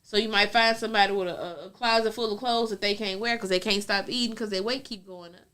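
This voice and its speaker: A woman's voice: medium pitch, fairly even intonation, fast, fairly bright tone, clean tone. A woman co-hosting a casual talk show, telling frank stories in a chatty, down-to-earth way with a Southern US accent. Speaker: podcast co-host. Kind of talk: casual chat.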